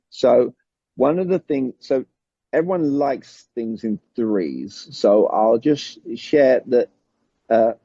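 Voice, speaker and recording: This British-accented man, a summit guest speaker, teaches a conversation method during an interview, walking through his points in numbered steps and checking in with frequent "all right"s. His voice is low, gravelly and dark, slightly rough, with dull audio and no room sound.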